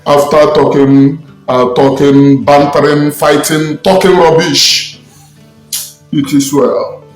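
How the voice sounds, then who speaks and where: Nigerian man, scolding spiritualist rant, higher voice, roomy echo, faint music behind. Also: flat delivery, slow. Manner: angry, preaching, scolding. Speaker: self-styled spiritualist commentator. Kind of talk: impassioned online rant. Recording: echoey room with faint music.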